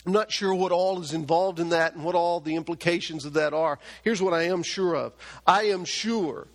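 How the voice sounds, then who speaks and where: A man's voice: a little high, moderate pace. A man preaching a sermon as pastor, with emphatic, building repetition in a church. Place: church hall. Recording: long reverb of a large hall.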